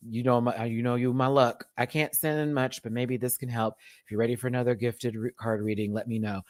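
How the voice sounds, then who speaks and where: On his casual livestream, a young drag race review host reads out messages from viewers, calling them sweet pet names and laughing a lot. His mid-range voice moves fairly quickly, recorded dry in clean studio sound.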